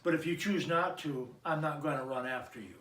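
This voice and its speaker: A man with a high voice preaches to his congregation in a loose, chatty way, dropping jokes between scripture readings. He is picked up from a distance in an echoey church sanctuary, with the room ringing around him. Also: a little fast, a bit bright. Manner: joking, chatty asides to the congregation. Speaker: pastor. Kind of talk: conversational sermon.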